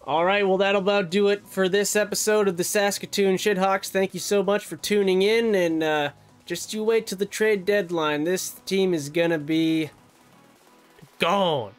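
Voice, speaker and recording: A young man with a strikingly high voice calls his own video game hockey match like a sportscaster, rattling off plays and yelping at near misses. Light background music runs under his voice. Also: clear, resonant tone. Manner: animated, fast play-by-play with yelps and laughs. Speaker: gaming YouTuber doing play-by-play. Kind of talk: excited self-commentary over a hockey video game.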